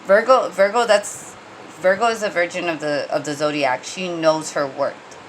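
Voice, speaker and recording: Speaking at a normal speed in a low, steady voice, this tarot reader chats her way through a casual reading full of fillers and false starts, getting blunt when heated. Slight background noise comes through on the low-quality recording.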